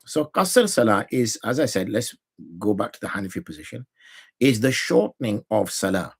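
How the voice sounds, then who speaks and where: A man's voice: on the low side, lively intonation, moderate pace, gravelly, husky. A middle-aged man with a British accent teaching Islamic law in a conversational, explanatory way, mixing in Arabic terms, speaking from his study. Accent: British English. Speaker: Islamic scholar teaching jurisprudence. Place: home study with a library.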